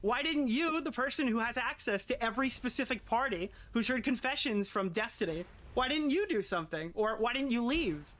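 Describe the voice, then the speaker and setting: A woman's voice: fairly high pitch, animated, a little fast, few pauses, fairly bright tone. A woman streamer ranting in casual commentary, exasperated and swearing often.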